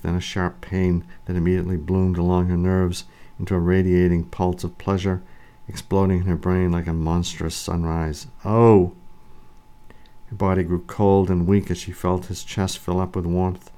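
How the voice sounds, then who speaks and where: A male narrator reads a story aloud in a measured, even delivery. His voice is very deep and dark, with little rise and fall. The tone is steady throughout. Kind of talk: audiobook narration.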